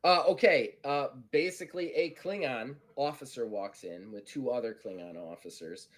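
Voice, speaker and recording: A man's voice: mid-range voice, moderate pace. A man narrating as game master, loose and chatty with many fillers. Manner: loose, filler-heavy narration with frequent laughs. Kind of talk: narrating a tabletop role-playing game.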